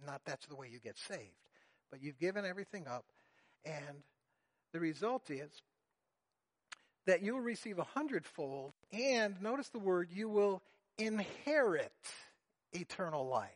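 A man preaching a sermon, earnest and deliberate, explaining a Bible passage to his congregation. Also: sits high, very animated. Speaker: pastor.

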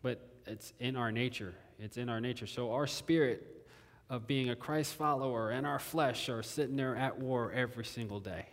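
A man gives a relaxed, talky sermon at a mid-range pitch, circling back on his phrases and putting questions to the room. His voice carries a long reverb tail, as if heard in a big hall. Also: moderate pace. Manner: conversational, repeats phrases, asks the audience questions. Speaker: pastor.

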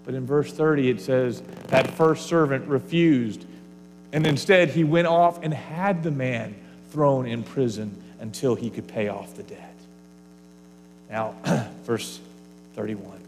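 A man's voice: mid-range voice, takes it slowly, long reverb tail, noisy background. A man preaching a sermon to his congregation, earnest and varied, sometimes falling to a near whisper. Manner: earnest, varies loudness, drops to a whisper at times. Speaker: pastor.

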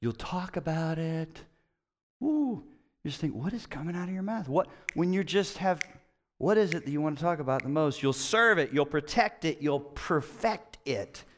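Middle-aged male pastor, fairly high voice, animated self-mocking sermon storyteller. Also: measured pace.

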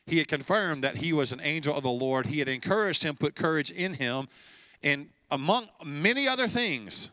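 Bright-voiced pastor preaching conversationally. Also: male voice, fairly high pitch, lively intonation, moderate pace, no echo. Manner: conversational storytelling, acting out dialogue with light laughs. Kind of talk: sermon.

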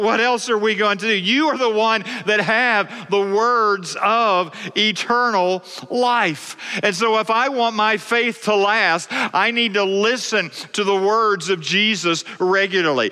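Guy preaching a sermon, slow and earnest, bright ringing voice, big echoey church. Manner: earnest, repeats words, drops low on line ends. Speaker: pastor.

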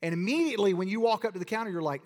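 Man, pastor, high voice, fervent sermon, long church reverb. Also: lively intonation, rapid-fire. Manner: preaching with rising fervor and Southern asides. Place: church sanctuary.

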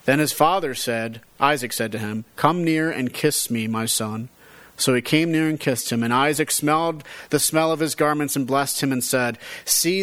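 A man with a medium-pitched, slightly bright voice reads a Bible passage aloud, then works through it verse by verse like a teacher. He gives the quoted dialogue a rising and falling emphasis as part of his scripture reading and commentary.

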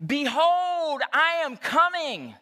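A man voicing an eager young male preacher who proclaims loudly to his congregation. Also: big pitch swings, takes it slowly, exaggerated voice. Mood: proclaiming. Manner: booming proclamation.

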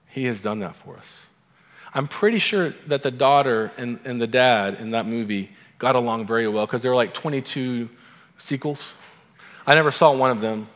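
A man's voice: mid-range voice, a bit bright, big-room sound. A male pastor giving a sermon in a conversational way, with wry asides to the congregation.

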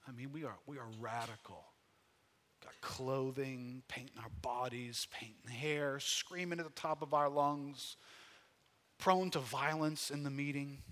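Bright-voiced preacher with a folksy swing. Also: male voice, normal speed. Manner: conversational preaching, folksy asides, swells loud then drops low. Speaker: pastor. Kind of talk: sermon.

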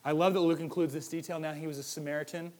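On the high side and quick-paced, a man delivers a sermon as a pastor, keeping it lively and conversational. He shoots out rhetorical questions, shifting from loud to hushed and back.

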